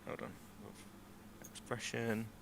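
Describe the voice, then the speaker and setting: A man's voice: slow, background noise. A man chatting casually as a player in a tabletop game, easygoing.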